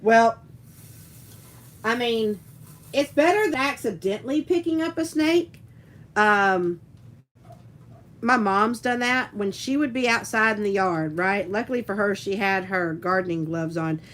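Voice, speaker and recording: Woman, live-stream host, chatty rambling storyteller who laughs a lot, mid-pitched voice. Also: measured pace, pauses often, a bit bright, low-quality recording. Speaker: livestream host and teacher. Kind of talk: casual live chat reading viewer comments.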